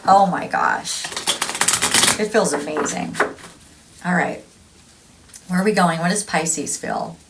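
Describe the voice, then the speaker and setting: A woman's voice: fairly low pitch, wildly swooping pitch, takes it slowly, gravelly, pauses often, slight background noise, rough recording. A woman giving a casual tarot reading, chatty and gushing, laughing often. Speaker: tarot reader.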